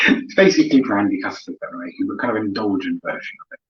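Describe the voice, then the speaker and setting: A relaxed man talks viewers through a recipe in a loose, chatty way. His voice is husky. The sound is a bit dull and lo-fi. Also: fairly low pitch, rapid-fire. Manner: relaxed, chatty, laughs often. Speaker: cooking show host. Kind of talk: casual live cooking demo.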